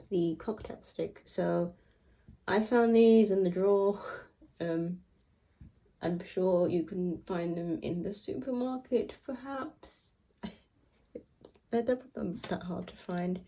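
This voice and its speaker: A woman hosting a casual craft tutorial, chatty, with hesitant fillers and soft laughs. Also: on the low side, gravelly, breathy edge, rough recording.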